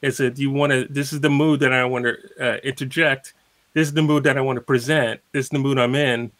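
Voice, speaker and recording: A man's voice: mid-range voice, steady tone, fairly quick, fairly bright tone. A man guest in a casual interview, explaining at an easy pace with plenty of fillers and spoken examples. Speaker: guitarist guest.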